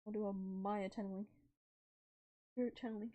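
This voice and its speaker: A woman's voice: medium pitch, steady tone, moderate pace, mellow, dull audio. Chatty young woman streaming a game. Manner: chatty, swearing, laughing asides. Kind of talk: casual let's-play commentary. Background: background music.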